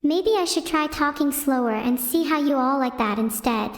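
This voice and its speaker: A text-to-speech woman's voice doing a deadpan stand-up livestream and chatting with her viewers. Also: high-pitched, normal speed, few pauses. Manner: deadpan, self-centered, chatting with chat. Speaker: AI VTuber streamer. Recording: echoey room with long reverb.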